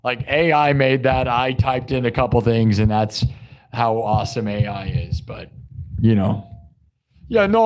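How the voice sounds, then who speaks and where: A man's voice: mid-range voice, animated, measured pace, a little mellow. A young man hosting a live music stream, chatting and joking casually with his viewers. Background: live guitar music.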